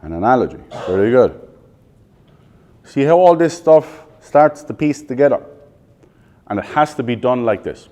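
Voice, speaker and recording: An Irish man in his thirties coaches a live room of salespeople, tossing out quick questions and finishing the answers himself. His voice sits at an ordinary middle pitch, and his delivery is blunt and laced with swearing. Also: animated, darkish tone. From Ireland. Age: 30s. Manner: quizzes the audience with rapid questions, blunt and profane. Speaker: sales trainer. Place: training room with a live audience.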